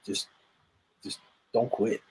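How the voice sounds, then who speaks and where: A man's voice: slow, a little mellow, a little hiss or hum, low-quality recording. A man speaking as a guest on a video call, telling his story with energy, emphasis and many restarts. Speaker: guest, lead generation marketer. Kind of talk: casual interview chat.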